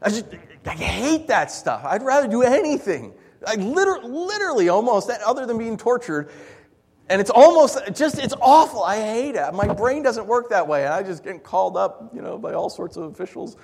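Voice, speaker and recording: Male pastor, slightly high voice, lively and jokey sermon delivery with loud and hushed swings. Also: normal speed, vocal fry, slightly rough, in a large hall.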